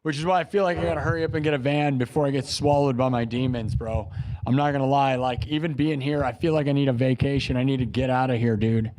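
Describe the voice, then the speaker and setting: A man's voice: medium pitch, fairly even intonation, quick pace, darkish tone. A young man streaming live, talking casually and emotionally, rambling and repeating himself while he grieves. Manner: rambling, emotional, repeats phrases, says dude and bro. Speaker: live streamer and improv musician.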